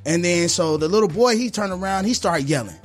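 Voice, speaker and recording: Barber, casual storyteller; quick, high, profane, does the voices. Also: male voice, soft background music. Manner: animated, acts out voices in his story; slangy, profane street talk.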